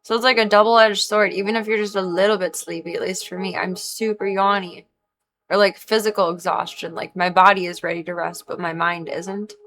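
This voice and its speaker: Speaking a little fast at medium pitch, in a level, fairly bright tone, a young livestream host rambles through casual gaming chat. She peppers everything with "like" and sounds sleepy, yawny, and slightly congested.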